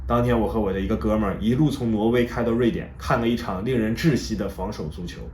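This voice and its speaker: A man from China who tells a lively story, then hosts a casual interview with two guests. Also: on the low side, fast talker, echoey room, a little hiss or hum. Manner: lively storyteller, voices quoted people. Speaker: host and interviewer.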